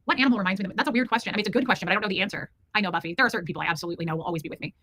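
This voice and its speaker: A woman's voice: medium pitch, rapid-fire, bright, forceful tone, no room sound. A woman hosting a casual livestream from home, reading viewers' comments aloud and chatting affectionately with them. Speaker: livestream host reading chat.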